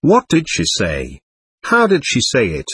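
A man's voice: mid-range voice, wildly swooping pitch, measured pace, fairly bright tone, breathy edge, no echo, full character voice. A man voicing a passionate, anguished young prisoner, speaking fervently and pleadingly.

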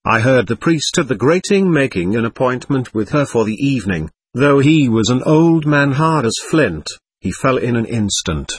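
A man reading the part of a suave, mocking male devil who talks like a worldly gentleman, with an ironic, chatty manner. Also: mid-range voice, sing-song, moderate pace, slightly rough. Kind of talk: audiobook character reading.

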